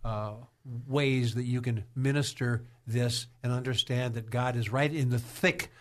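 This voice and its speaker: A man's voice: mid-range voice, fairly even intonation, a little slow. A man hosting a Christian radio talk show, speaking in a folksy way and often repeating his words. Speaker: radio host.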